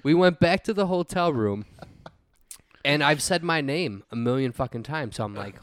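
A man's voice: fairly high pitch, lively intonation, moderate pace. A man in his thirties from the United States, telling a drunken story on a podcast, swearing heavily and laughing through it. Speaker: podcast co-host. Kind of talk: casual storytelling.

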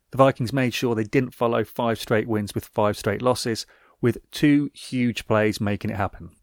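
A man's voice: medium pitch, dry recording. A man hosting a podcast, reading a scripted football recap with wry, dry asides. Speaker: podcast host.

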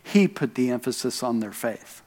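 A man's voice: mid-range voice, lively intonation, normal speed, a little mellow, in a large hall. A man preaching a sermon as pastor, telling stories with self-deprecating asides and leaning hard on key words. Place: church sanctuary.

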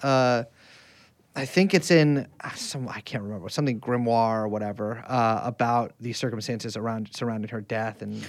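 A man's voice: mid-range voice, steady tone, normal speed, dry recording. A man co-hosting a podcast in casual chat, rambling and crude, joking and often restarting his sentences. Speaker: podcast co-host.

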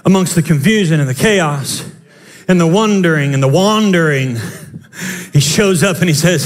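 A male pastor preaching an animated Easter sermon, playful, acting out the scenes and laughing as he goes. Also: fairly high pitch, moderate pace.

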